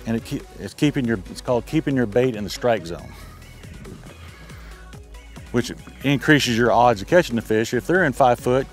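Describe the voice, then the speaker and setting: Offering relaxed outdoor instruction, an older man in a boat on a lake explains fishing tips step by step with folksy ease. His mid-range voice is animated at normal speed, broken by long pauses, over faint background music.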